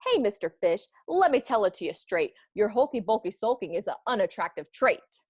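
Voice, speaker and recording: A woman's voice: medium pitch, big pitch swings, normal speed, a little mellow, dry recording, clean studio sound. Blunt octopus, read aloud by a woman, matter-of-fact. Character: blunt eight-armed octopus, straight-talking.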